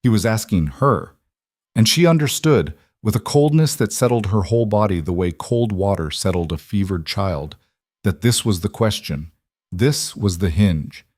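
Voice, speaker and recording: A male audiobook narrator telling a fantasy romance in a calm, measured way. His voice is somewhat low. The recording is dry and close with no room sound. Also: no echo.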